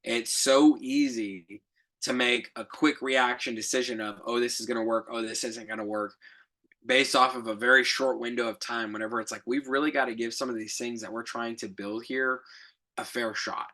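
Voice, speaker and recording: A man's voice: medium pitch, fairly even intonation, moderate pace, bright, forceful tone. A young adult man hosting a podcast, telling a reflective story in a rambling casual way, with fillers, self-corrections and light laughs. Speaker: podcast co-host.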